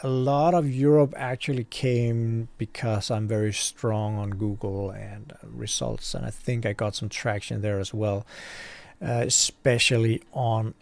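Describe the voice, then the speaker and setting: Gravelly man talking candidly. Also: fairly low pitch, flat delivery, unhurried. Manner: candid, rambling, self-deprecating. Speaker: online hobby shop owner. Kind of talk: casual vlog talk to viewers. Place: his warehouse.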